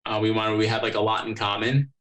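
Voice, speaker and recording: A man's voice: on the low side, fairly even intonation, fast talker, a bit bright, poor audio. A young man hosting a podcast, chatting casually and telling rambling stories, swearing freely. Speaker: podcast host. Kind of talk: casual chat.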